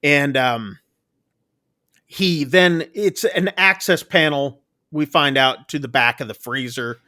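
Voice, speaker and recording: Casual male co-host, bright forceful voice, dry close sound, rambling recap. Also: fairly high pitch, no room sound. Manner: rambling, filler-heavy storytelling with quick jokes. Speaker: podcast co-host reviewing a film. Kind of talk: casual chat, recapping a plot.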